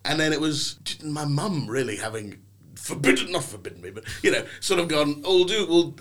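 Animated, theatrical young man telling a story. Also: fairly high pitch, brisk. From England. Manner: theatrical, animated storytelling with playful put-on voices. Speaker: podcast guest. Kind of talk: casual chat.

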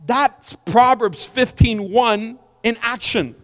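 High-voiced animated man preaching. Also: slow. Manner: animated, acts out quoted voices. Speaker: pastor. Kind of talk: sermon. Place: church. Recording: long church hall reverb.

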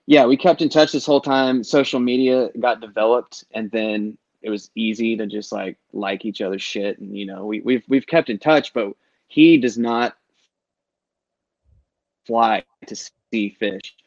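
A man's voice: on the low side, steady tone, a little slow, darkish tone, no echo, muffled recording. A middle-aged man telling long, rambling concert-trip stories in casual podcast chat, swearing freely and acting out what people said. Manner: rambling storyteller, swears freely, acts out quotes.

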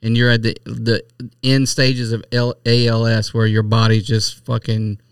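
Gravelly, blunt-talking man on a podcast. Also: mid-range voice, monotone, normal speed, no echo, studio quality, far from the mic. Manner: profane, blunt, uses y'all. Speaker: podcast co-host. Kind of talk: casual crude banter.

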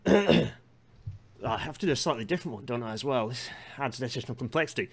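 A man's voice: medium pitch, rapid-fire, slightly rough. A man hosting a casual conversation, joking and self-deprecating. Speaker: podcast host. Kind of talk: casual chat.

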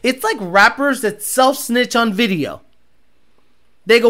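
A man's voice: extremely high pitch, very animated, a little slow, a bit bright. Blunt, profane male livestream host. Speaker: car tuning shop owner hosting a live show. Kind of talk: casual ranting livestream.

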